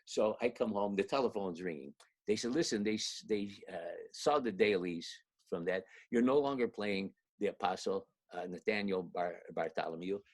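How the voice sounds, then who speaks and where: An older man, an actor guest, telling a long anecdote in an animated way, acting out the quotes and laughing often. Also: lowish voice, moderate pace. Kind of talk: anecdotal storytelling.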